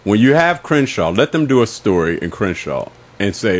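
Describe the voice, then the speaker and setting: A man's voice: lowish voice, very animated, moderate pace. A man co-hosting a community radio talk show, speaking emphatically in casual chat and backing up his partner. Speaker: radio co-host.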